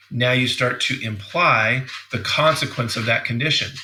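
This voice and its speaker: A middle-aged man coaching dental teams in a training seminar, energetic and repeating words as he acts out example questions. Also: mid-range voice.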